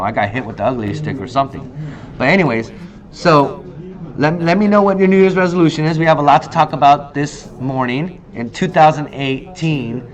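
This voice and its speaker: A man in his thirties hosting a casual talk show monologue, telling stories with lively acted-out quotes. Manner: animated storyteller, acts out quoted lines in a higher voice. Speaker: host. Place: in Korea.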